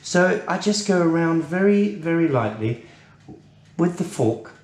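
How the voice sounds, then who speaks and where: A man's voice: a little high, lively intonation, a little slow, darkish tone, reverberant. A man playing a posh, tipsy middle-aged British lady who hosts a cooking show, plummy and chatty, calling everyone darling.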